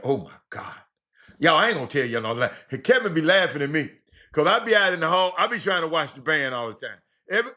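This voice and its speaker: A middle-aged man hosting a casual sports talk show, animated and repetitive, shouting out listeners by name. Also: mid-range voice.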